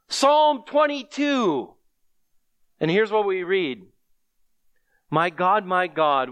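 A man's voice: high-pitched, fairly bright tone, clear, resonant tone, dry recording. A man preaching a sermon with earnest delivery, reading scripture aloud to his congregation.

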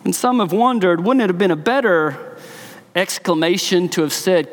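A man's voice: high-pitched, expressive, moderate pace, in a large hall. A man, a pastor, preaching a sermon in a church, telling the story with emphasis.

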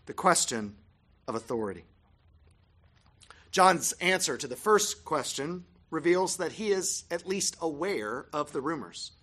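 A Bible teacher giving scripted narration on a gospel passage, measured with emphatic pauses. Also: mid-range voice, sharp tone, slightly rough.

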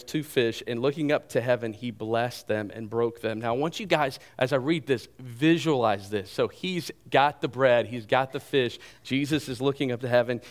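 A pastor preaching a sermon to his congregation, retelling the story in an animated way and mixing in humor and asides. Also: mid-range voice.

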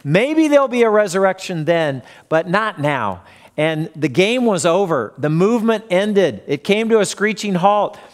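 A man with a fairly high voice preaches a sermon in a church. He tells the story plainly and now and then acts out what the people in it say. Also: lively intonation, a little slow. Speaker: pastor.

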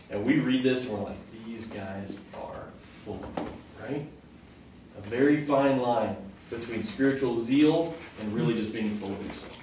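A man's voice: mid-range voice, a little mellow. A male preacher giving a conversational Bible teaching, often asking the audience questions. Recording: echoey hall from far off, faint noise.

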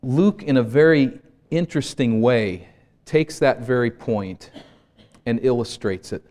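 In a sermon delivered a little slowly, a male pastor speaks earnestly. His voice climbs to emphatic peaks and drops to hushed lows.

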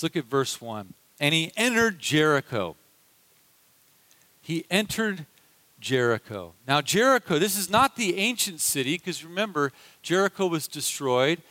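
A man's voice: a little high, a bit bright, no echo, low-quality recording. A man preaching a sermon, telling scripture stories expressively and acting out the quotes.

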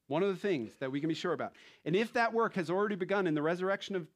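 A man's voice: high voice, quick pace. Conversational male pastor preaching. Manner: conversational, animated storytelling with laughs. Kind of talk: sermon.

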